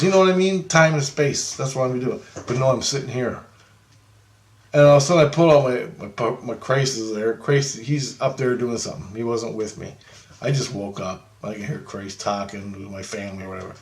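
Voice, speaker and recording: A man telling a rambling, profane story about a dream, animated and laughing often. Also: medium pitch, moderate pace. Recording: roomy echo.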